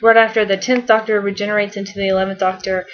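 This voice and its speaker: A woman's voice: medium pitch, little pitch movement, fast talker, highs cut off. A woman vlogging a casual fan countdown, bubbly and rambling, with lots of fillers and little giggles.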